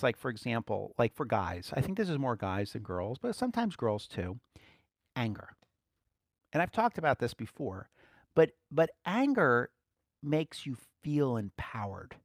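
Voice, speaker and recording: A man giving conversational Bible teaching as a preacher, relaxed, laughing lightly and repeating key phrases. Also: mid-range voice, normal speed, no room sound, studio quality.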